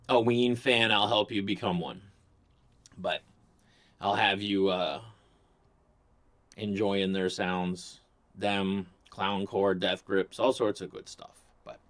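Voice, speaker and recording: Rambling, sarcastic man ranting on camera. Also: on the low side. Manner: rambling, sarcastic, profane, restarts often. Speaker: vlogger. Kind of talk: casual ranting vlog.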